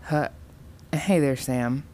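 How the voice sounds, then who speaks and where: A woman's voice: rumbling low, takes it slowly, mellow. A woman voicing a timid, frightened older mother who stutters and pleads with a shaking voice. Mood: nervous.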